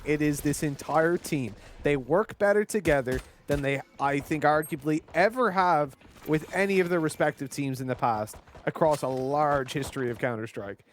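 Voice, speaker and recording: A man doing color commentary on a live esports match, animated and joking, on a headset mic. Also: on the high side, a little hiss or hum. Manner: animated, laughs often, joking storyteller.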